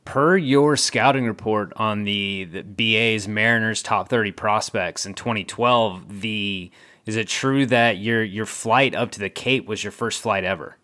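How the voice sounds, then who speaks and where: A man's voice: on the low side, measured pace, pushed and bright. A man hosting an interview, asking prepared questions with a wry touch. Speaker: interviewer host. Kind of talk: conversational interview.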